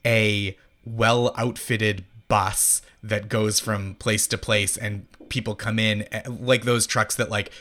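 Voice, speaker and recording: A man in his thirties from Massachusetts, a comedian guest, telling anecdotes in a chatty, animated way. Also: fairly low pitch, takes it slowly, hardly any pauses. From Massachusetts, United States. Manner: animated storytelling, heavy use of "like". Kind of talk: casual interview chat.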